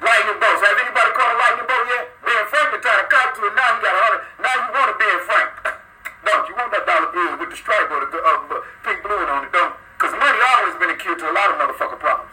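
A man's voice: high-pitched, fast talker, pushed and bright, poor audio. A man hosting a casual live call-in podcast, rambling, swearing freely and greeting listeners by name. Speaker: podcast host.

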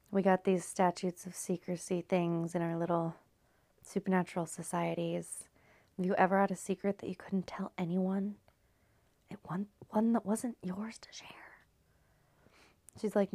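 A woman's voice: lowish voice, dark tone, no room sound. A woman from California chatting loosely through a story recap, rambling and swearing, often sinking into a near-whisper. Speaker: video host recapping a story. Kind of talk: casual recap chat.

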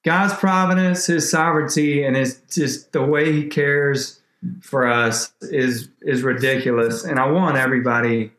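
A man, a podcast guest, telling an emotional faith story in a rambling, animated way with many restarts. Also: medium pitch, unhurried, reverberant.

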